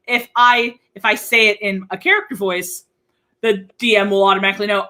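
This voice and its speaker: Bright-voiced bubbly young woman. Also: medium pitch. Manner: bubbly and giggly, quick asides. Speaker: game master. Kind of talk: casual video interview.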